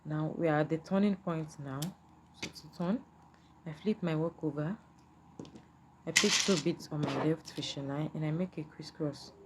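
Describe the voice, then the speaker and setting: A woman walks through a beading craft one step at a time, patient and repetitive, often checking whether the viewer can follow. Her voice sits low, and a faint hum of room noise runs underneath. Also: moderate pace. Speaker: beading tutor.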